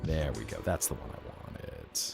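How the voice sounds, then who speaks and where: A man chatting casually on a live stream, playful and animated, swearing and laughing often. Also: rumbling low, moderate pace, creaky, over music. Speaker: VTuber streamer.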